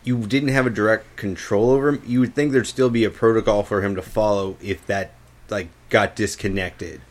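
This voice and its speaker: A man's voice: on the low side, fairly even intonation, normal speed. A man in a casual chat about a cartoon episode, picking apart plot logic and leaning on "like" as he thinks aloud. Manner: analytical, many "like" fillers.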